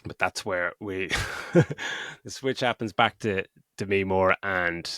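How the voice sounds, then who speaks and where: Speaking low and slow with a bright, forceful tone, this middle-aged man co-hosts a podcast in dry, studio-quality sound. He chats casually through a film's plot as a review, cursing freely and laughing as he goes.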